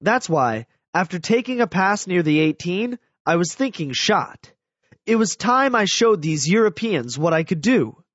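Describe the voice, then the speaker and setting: A man narrates a first-person story as an audiobook, delivering it in an animated, expressive way with a high voice that swings widely in pitch. The recording is dry and somewhat dull in tone, with no room sound or echo.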